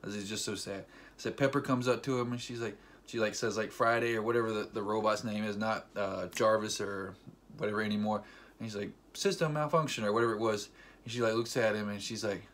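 A man vlogging a casual, excited movie recap, rambling with fillers and acting scenes out with sound effects like "boom" and "ding.". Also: fast talker. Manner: animated storyteller with sound effects; loose, rambling, filler-heavy delivery.

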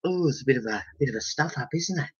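A man's voice: medium pitch, animated, quick pace, husky. A man with an Australian accent hosting a casual band vlog, jokey and exaggerated, full of slang. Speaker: band member vlogger. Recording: dull lo-fi sound.

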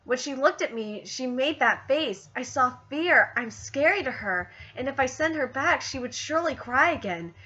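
A woman reading the lines of an aloof, stern male water god in a subdued, slow voice, on dull lo-fi audio. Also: sits high, lively intonation, pushed and bright, slightly rough, heavily acted. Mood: solemn.

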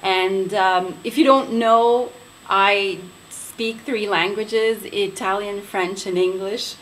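A woman's voice: mid-range voice, fairly even intonation, a bit bright, slight background noise, low-quality recording. A young woman from Quebec chatting casually to camera as a beauty vlogger, pronouncing names carefully and elegantly. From Quebec, Canada. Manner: unhurried, careful, elegant pronunciation. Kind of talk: casual vlog talk to camera.

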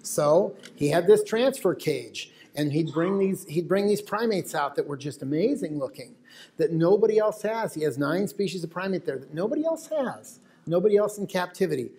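An American man, a wildlife photographer, lectures a live audience, telling stories chattily and tossing asides to the crowd. His voice is high and expressive, with a dark tone, and he speaks at a moderate pace.

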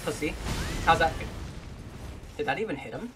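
Gamer, let's play commentary, profane, frustrated yelling, wide pitch swings. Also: lively intonation, moderate pace. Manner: profane, frustrated, bursts into yells. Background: game music.

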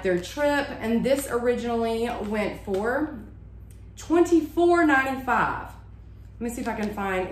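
Haul vlogger, woman, chatty and gushing, bright higher voice, echoey home room. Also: a little hiss or hum. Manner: chatty, gushing, says y'all a lot. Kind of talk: casual show-and-tell haul.

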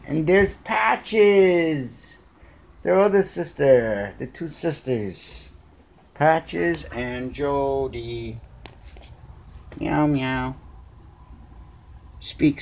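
A man's voice: medium pitch, creaky, a little hiss or hum. A man chatting to his pet cats at home by a window, cooing baby talk at them. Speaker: cat owner filming his pets. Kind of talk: casual chat to his cats.

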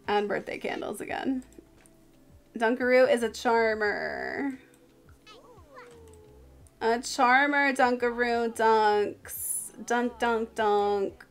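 Slow, gravelly-voiced woman streamer. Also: fairly high pitch. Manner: chatty, talks to her game characters. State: tired. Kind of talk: live gameplay commentary.

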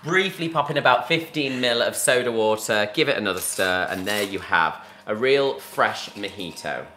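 A man's voice: fairly low pitch, animated, moderate pace, bright, forceful tone. A man guesting on a family podcast, walking through a cocktail recipe in an easygoing, explanatory way in a home kitchen. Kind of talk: casual cocktail demonstration.

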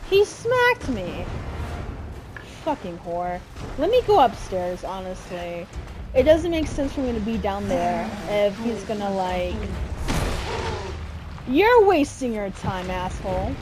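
A young woman streaming a horror game, trash-talking enemies with constant swearing and excitable reactions. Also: mid-range voice, measured pace, background noise. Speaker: gameplay streamer. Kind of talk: live game commentary. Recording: game music playing behind.

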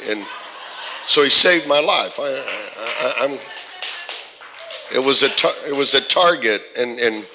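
A man's voice: medium pitch, sharp tone. A man, a pastor joking with the congregation as he introduces a guest preacher. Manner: joking, teasing banter with the congregation. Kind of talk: church service welcome and introduction. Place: church sanctuary. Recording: long church-hall reverb with music.

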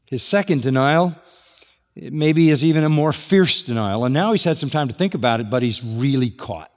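A man's voice: fairly high pitch, expressive, normal speed. A man preaching a sermon, walking through a passage verse by verse with rhetorical questions. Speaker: pastor. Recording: long hall reverb.

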